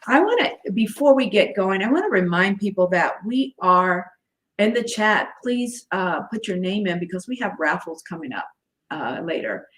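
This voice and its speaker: A woman's voice: mid-range voice, big pitch swings, normal speed, fairly bright tone. A middle-aged woman hosting a livestream interview, welcoming a guest and encouraging her audience to join the chat. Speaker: host.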